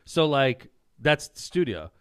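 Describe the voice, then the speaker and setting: A man co-hosting a podcast, telling stories in a joking, animated casual chat. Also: medium pitch, unhurried, smooth, no echo, studio quality. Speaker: podcast co-host.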